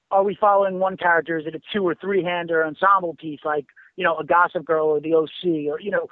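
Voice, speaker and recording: A man's voice: high voice, no room sound. Screenwriter guest, male, loose and sweary, thin phone-like sound. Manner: profane, rambling storyteller with many fillers. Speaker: screenwriter and writing teacher. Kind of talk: casual podcast conversation.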